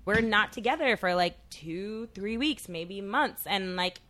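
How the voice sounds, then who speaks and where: A woman's voice: medium pitch, measured pace, bright, forceful tone. Twenties woman chatting on a podcast, open and emotional, lots of "like"s. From New York. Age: 20s. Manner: candid, emotional storytelling with lots of fillers. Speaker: podcast co-host. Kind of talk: casual chat.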